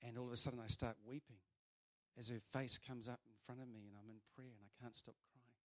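A man over forty, preaching a sermon and telling a story with big swings between loud and soft. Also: medium pitch, fairly even intonation, quick pace.

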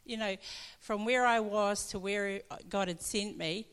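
A woman pastor tells her testimony in a chatty, storytelling way and laughs often. Her voice sits at an ordinary middle pitch. It rings with long reverb from a church hall. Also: unhurried, fairly bright tone, clear, resonant tone.

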